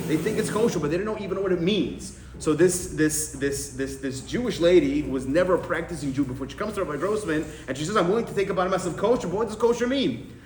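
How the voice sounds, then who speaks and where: A rabbi tells stories to a gathering of men, slipping into the voices of his characters as he goes. His voice sits a little high, and the room around him rings with echo over a faint hiss. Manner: animated storyteller, acting out the people in his stories. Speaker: rabbi giving a talk. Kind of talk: storytelling talk. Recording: echoey room with faint noise.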